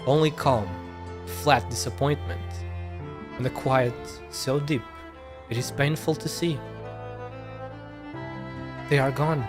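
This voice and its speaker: A man's voice: medium pitch, fairly even intonation, takes it slowly, pauses often, over music. A male streamer reading game dialogue aloud, stumbling over words and correcting himself as he goes.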